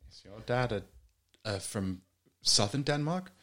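Animated man with a British accent. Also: medium pitch, measured pace. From United Kingdom. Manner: laughing, teasing, animated. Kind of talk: casual chat.

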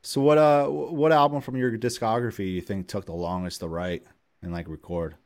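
A man's voice: on the low side, steady tone, fairly quick, a little mellow. A man hosting a casual metal podcast, enthusiastic and slangy, swearing freely. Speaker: podcast host.

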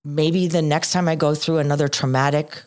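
A woman's voice: deep voice, steady tone, a little fast, a little mellow. A middle-aged woman co-hosting a podcast, talking earnestly and reflectively, often repeating phrases for emphasis. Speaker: podcast co-host.

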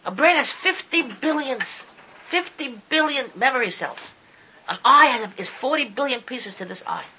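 A Torah speaker living in Israel gives an impassioned sermon, frequently stumbling over and repeating his words. His voice is extremely high, expressive, bright, and forceful at normal speed, and the low-quality recording has slight background noise.

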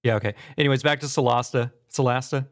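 Give me a man hosting a casual gaming podcast, chatty and animated, middle pitch. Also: quick pace. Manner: animated storytelling, mimics friends; casual, fillers like "like". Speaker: podcast host.

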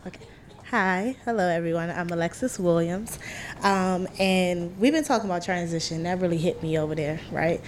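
A woman's voice: fairly low pitch, normal speed, slight background noise. A woman in the audience introducing herself and asking a reflective question in a friendly way.

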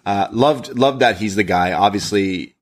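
A man co-hosting a wrestling podcast, talking in an animated, rambling way. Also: on the low side, unhurried. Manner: animated, many fillers and restarts. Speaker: podcast co-host. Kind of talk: casual chat.

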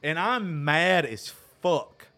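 A man's voice: on the high side, lively intonation, slow pace, sharp tone. Profane, laughing male storyteller. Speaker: podcast host. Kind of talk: casual storytelling chat.

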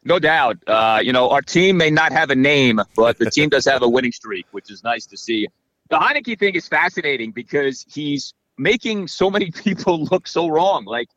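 A man breaks down football strategy on a podcast, animated and analytical, with many fillers like "you know" and "like." His medium-pitched voice comes through with no echo but poor audio quality.

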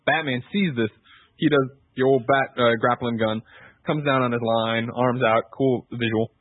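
A man's voice: mid-range voice, steady tone, no echo. A man co-hosting a podcast, recapping a film scene by scene in casual, profane chat. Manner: rapid, profane scene-by-scene recap with quick quoted bits. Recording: tinny phone-like sound.

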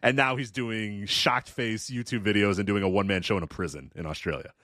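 A man's voice: lowish voice, a little fast, fairly bright tone, no echo. A man co-hosting a wrestling podcast, sardonic and rambling with frequent laughs on a close mic. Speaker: podcast co-host. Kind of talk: casual chat.

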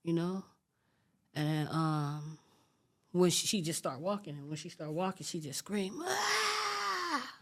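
A woman being interviewed, telling a long story in an animated, streetwise way and acting out what people said. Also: sits low, unhurried, pauses often. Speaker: interview guest.

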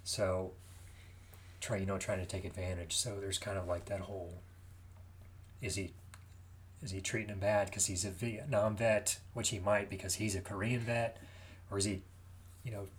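A man in a casual movie chat, calmly explaining the background context of the film. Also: fairly low pitch, moderate pace, pauses often, slight background noise.

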